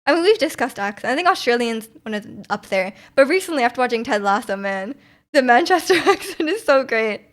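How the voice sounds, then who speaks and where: A woman's voice: a little high, lively intonation, fairly quick. A young Canadian woman streaming, chatting with her viewers in a rambling, giggly way full of fillers. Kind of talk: casual chat with live chat.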